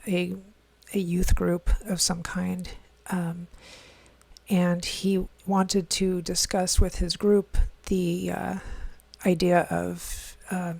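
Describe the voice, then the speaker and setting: A woman's voice: fairly low pitch, creaky, a little mellow, dry recording. A woman hosting a podcast, giving a casual monologue of commentary and thinking aloud with many fillers and restarts. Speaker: podcast host.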